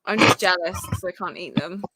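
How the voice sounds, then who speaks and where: A woman's voice: lowish voice, a little fast, pushed and bright. A woman co-hosting a casual live podcast, speaking candidly with plenty of fillers. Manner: chatty, candid, trailing fillers. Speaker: podcast co-host.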